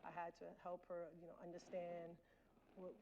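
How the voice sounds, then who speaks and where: A woman's voice: fairly low pitch, monotone, normal speed, a little mellow, muffled recording, a little hiss or hum. A woman in her forties giving a candid personal storytelling talk as a guest lecturer, speaking straight to the audience. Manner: candid, addresses the audience directly. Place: lecture hall.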